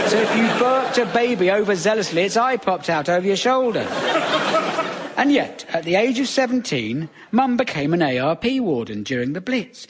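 A man's voice: high-pitched, noisy background. A wry British man doing a sardonic stand-up comedy monologue in a conversational manner. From Britain.

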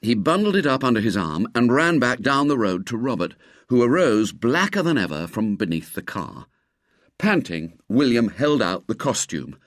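A man reading a children's story aloud with expressive, lively narration. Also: medium pitch, moderate pace, no room sound, studio quality.

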